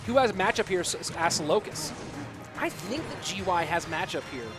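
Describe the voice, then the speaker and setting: Chatty American esports caster. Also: male voice, sits high, lively intonation, moderate pace, over music. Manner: chatty, reads and answers viewer chat. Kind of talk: live esports commentary with chat banter.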